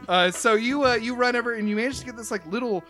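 A game master narrating a tabletop horror game in an animated, rambling way with many fillers. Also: mid-range voice, fast. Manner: animated, lots of filler, laughs a lot. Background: background music.

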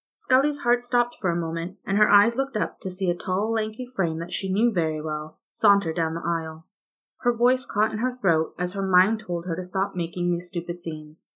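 Casting: female story narrator, steady read, a touch low. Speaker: fan fiction reader.

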